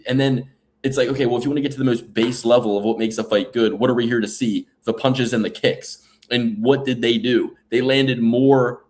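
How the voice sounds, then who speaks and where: Male podcast co-host, casual chat, animated and profane, quick to do mocking quotes. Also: medium pitch.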